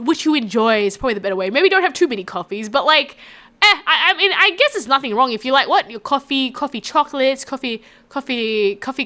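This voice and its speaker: A woman's voice: sits high, pushed and bright. A woman with an Australian accent chatting casually with her live-stream viewers, rambling and reacting to chat.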